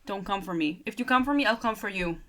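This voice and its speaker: Bright-voiced sarcastic young woman. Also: medium pitch, quick pace. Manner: sarcastic, giggly, swears freely. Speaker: book reviewer. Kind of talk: casual ranting book review.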